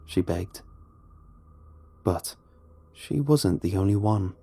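Husky, low-voiced man narrating horror. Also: lively intonation, slow pace, long pauses. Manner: hushed and dramatic. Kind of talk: first-person horror story narration.

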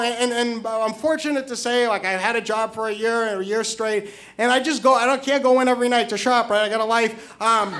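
A man with a very high voice for his sex tells a comic personal story. He stumbles and repeats words nervously as he talks. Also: a bit bright.

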